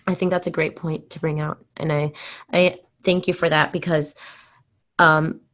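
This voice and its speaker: A woman's voice: low-pitched, flat delivery, normal speed, fairly bright tone. A woman hosting an interview, speaking thoughtfully and somewhat hesitantly, with filler words as she reflects. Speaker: podcast host.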